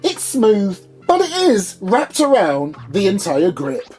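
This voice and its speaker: A man doing an upbeat, high-pitched reviewer persona, playfully showing off a product in his small home studio. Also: wildly swooping pitch, slow, a little mellow, faint music behind, full character voice. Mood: enthusiastic. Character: chirpy high-voiced male gun reviewer persona.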